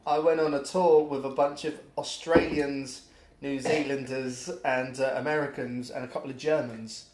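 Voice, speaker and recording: A man's voice: mid-range voice, little pitch movement, normal speed, a little mellow. A young man co-hosting a podcast, trading crude, laughing banter in casual chat. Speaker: podcast co-host. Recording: echoey room.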